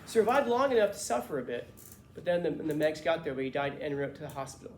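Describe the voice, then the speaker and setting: A man's voice: a little high, quick pace. Casual storytelling male teacher. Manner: casual, lively, swears and jokes. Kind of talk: storytelling to a class. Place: classroom. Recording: echoey classroom, faint noise.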